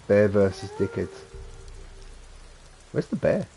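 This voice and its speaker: A man's voice: on the low side, very animated, takes it slowly, gravelly, warm tone, slight background noise. A man with a Suffolk accent chatting casually and rambling as he streams a game, chuckling to himself. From England. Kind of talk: casual gameplay chat.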